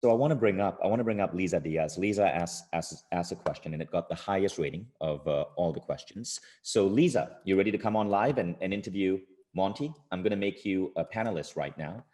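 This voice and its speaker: A man's voice: deep voice, a little fast, few pauses, darkish tone. A man hosting a live online interview, enthusiastic and hesitant, with many fillers. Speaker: host.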